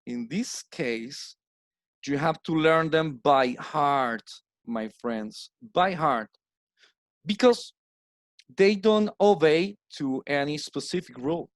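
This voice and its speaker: A Colombian man whose first language is Spanish, teaching English plurals in a slow recorded slide lesson and repeating each word for drill. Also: a little high, dry recording. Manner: repeats words slowly with stressed drills.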